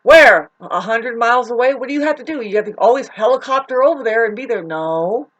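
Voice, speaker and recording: In an unscripted, emotional vlog monologue, a woman vents while upset and close to tears, rambling, swearing, and looping back to restart her sentences often. Her voice is fairly high, expressive, fairly bright, and a little fast, and the recording sounds muffled.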